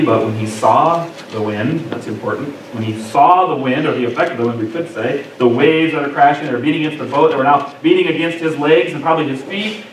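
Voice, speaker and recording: Pastor, male, higher voice, expressive sermon delivery, acts out quotes, echoey sanctuary, mic at a distance. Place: church sanctuary. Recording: echoey church room from far off, faint noise.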